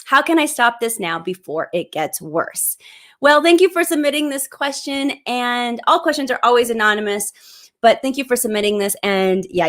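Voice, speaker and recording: A woman in her thirties hosting a live parenting advice show, explaining tips in a clear, upbeat way into a plug-in microphone. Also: on the high side, fairly bright tone.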